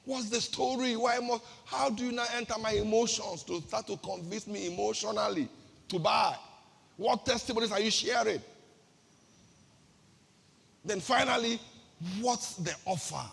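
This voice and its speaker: A woman's voice: fairly high pitch, moderate pace, creaky, long pauses, breathy edge, in a large hall. A woman pastor with a Nigerian accent giving an emphatic sermon-style talk, firing off rhetorical questions and repeating her key phrases.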